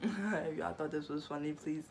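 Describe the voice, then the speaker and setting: A woman's voice: sits low, steady tone, normal speed, heavy background noise. A young adult woman vlogger telling a storytime to camera in slangy, playful speech, teasing her viewers. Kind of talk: casual storytime monologue to camera.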